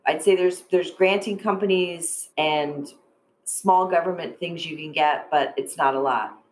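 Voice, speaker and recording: A middle-aged woman, an arts presenter being interviewed, telling stories in a chatty, animated way with many fillers. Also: sits low, a little slow, slight background noise, poor audio. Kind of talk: casual interview storytelling.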